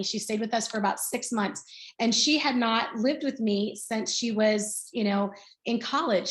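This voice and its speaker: A woman's voice: on the high side, echoey room. A woman in her sixties from Middle Tennessee, speaking as a guest on a video call and telling her story in a chatty way, with many fillers and restarts. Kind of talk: casual testimonial on a video call.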